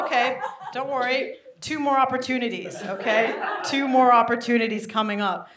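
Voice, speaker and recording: A young woman doing stand-up with an American accent picked up over a mixed British upbringing, brash and self-mocking with quick asides to the crowd. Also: on the high side. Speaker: stand-up comedian. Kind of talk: stand-up comedy set. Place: comedy stage before a live audience. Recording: roomy live venue, faint noise.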